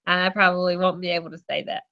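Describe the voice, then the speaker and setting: A woman's voice: fairly low pitch, highs cut off. A woman from North Carolina hosting an online interview in casual chat, laughing often and rambling a little. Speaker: interview host.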